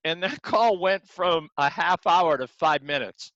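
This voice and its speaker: A man's voice: on the high side, animated, a little slow, a bit bright, dry recording. A man teaching a martial arts class, talking earnestly and repeating words as he acts out examples. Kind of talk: motivational class talk. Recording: dull lo-fi sound.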